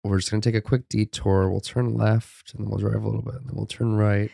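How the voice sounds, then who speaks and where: A man quoting his grandmother as a calm, nonchalant older woman, in a casual podcast chat. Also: lowish voice, gravelly, dry recording, studio quality. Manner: unhurried, offhand.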